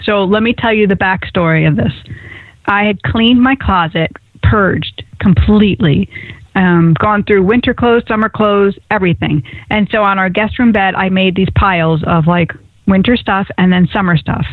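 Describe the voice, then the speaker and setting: A woman's voice: mid-range voice, moderate pace, no echo. A woman hosting a radio call-in show, telling stories in a chatty way and laughing often. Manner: chatty storyteller, laughs often, animated asides. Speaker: radio show host and psychic medium. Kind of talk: casual radio call-in chat. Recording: tinny phone-like radio audio.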